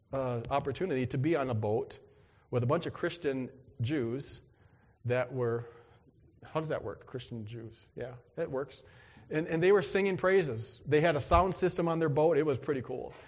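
A man delivers a sermon with animated, conversational energy, breaking into exclamations and little acted-out voices. His voice sits a bit high for a man. The sound carries a long reverb from a big hall. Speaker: pastor.

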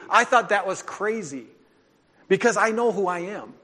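A man's voice: high-pitched, measured pace, pushed and bright. A man preaching a sermon as a pastor, telling his own testimony in an earnest, confessional way. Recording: long hall reverb.

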